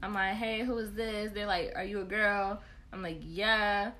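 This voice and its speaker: A woman's voice: medium pitch, fairly even intonation, normal speed, bright, forceful tone, a little hiss or hum. A young woman co-hosting a podcast, telling a story in casual chat with many fillers and acted-out dialogue. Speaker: podcast co-host.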